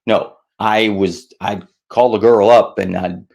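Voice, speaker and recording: In dull-sounding audio, a middle-aged man with a gravelly voice takes it slowly while giving casual stress advice to camera. He stays animated and self-mocking, acting out worried voices at a higher pitch.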